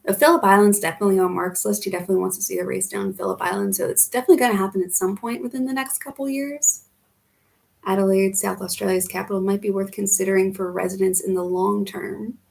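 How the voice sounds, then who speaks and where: American gal doing a live q&a, casual and rambly, bit of fry in her voice. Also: mid-range voice, fairly even intonation, quick pace, darkish tone. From United States, Philadelphia area. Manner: chatty, reads out viewer comments and answers them. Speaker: YouTuber living in Australia.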